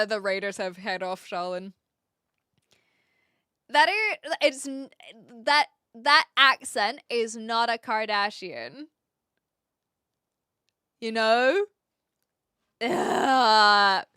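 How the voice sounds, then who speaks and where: A woman's voice: a little high, pushed and bright, smooth, dry recording, studio quality. A young woman livestreaming, chatting casually and rambling with lots of fillers while reacting to her chat. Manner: reads chat and reacts aloud.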